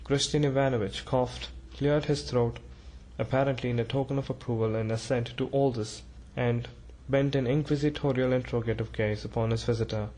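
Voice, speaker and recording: A man narrating a classic novel as an audiobook, reading in a measured, even way. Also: medium pitch, poor audio.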